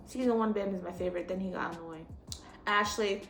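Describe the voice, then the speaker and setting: A young woman in casual chat as a vlogger, blunt and animated, swearing freely as she rants. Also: mid-range voice, a little fast, soft background music. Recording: echoey room with faint noise.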